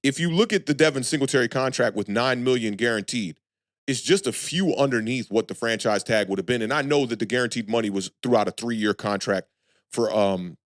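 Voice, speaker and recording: A man hosting a live sports talk stream, talking loosely and frankly to chat viewers and shouting them out. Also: medium pitch, no room sound, clean studio sound. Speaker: sports channel host.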